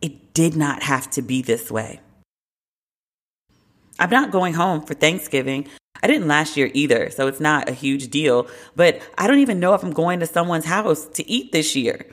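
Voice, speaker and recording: A podcast host giving casual, candid commentary alone, wry and opinionated, with slangy asides. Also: medium pitch.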